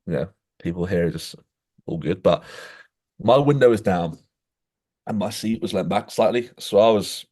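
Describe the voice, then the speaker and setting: A man co-hosting a podcast, telling stories in animated casual chat, saying "mate" often and acting out quoted voices. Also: moderate pace. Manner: animated storytelling, says "mate" constantly; acts out quoted voices with jumps in pitch. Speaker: podcast co-host.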